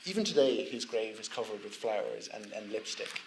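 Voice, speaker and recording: A man's voice: lowish voice, lively intonation, fairly quick, noisy background. A young Irish man interviewing a guest on stage, asking earnest questions. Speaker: student interviewer.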